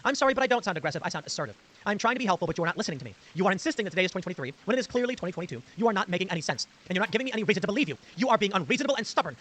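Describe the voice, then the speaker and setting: Fast-talking excitable man hosting a live stream. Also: high voice, a little hiss or hum. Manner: excitable, reacts with quick exclamations and laughs. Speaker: host. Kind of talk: casual live-stream commentary, reading posts aloud. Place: home studio on a live stream.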